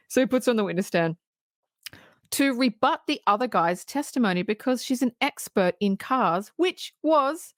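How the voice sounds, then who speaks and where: A woman co-hosting a podcast, casually recapping a film in animated detail, acting out the characters' lines and swearing freely. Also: a little high, moderate pace, no room sound, clean studio sound. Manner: animated storytelling, acting out quoted lines, frequent laughs and swearing. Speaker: podcast co-host.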